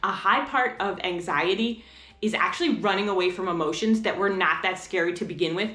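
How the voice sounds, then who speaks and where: A woman's voice: on the low side, fairly quick, echoey room. A woman vlogger talking casually to camera in a chatty, rambling way about homeschooling. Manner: chatty, rambling, animated asides.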